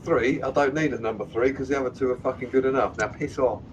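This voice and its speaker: A man hosting a casual livestream greets his viewers and chats, swearing easily. His voice sits in the middle of the male range. Steady background noise runs behind him. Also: mid-range voice, quick pace. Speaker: livestream host.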